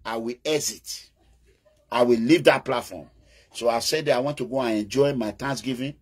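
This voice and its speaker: Husky emphatic Nigerian man. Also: medium pitch, very animated, normal speed, a bit bright. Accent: Nigerian, Edo. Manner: emphatic, bursts into chanting and calls, mixes in Pidgin. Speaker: political commentator. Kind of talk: casual political monologue.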